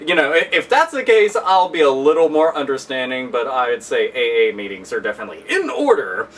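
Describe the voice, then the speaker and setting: A man's voice: medium pitch, sing-song, brisk, fairly bright tone. A man hosting a video, ranting angrily with heavy profanity and sarcasm, recorded a bit far from the mic. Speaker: video host. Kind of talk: angry ranting commentary.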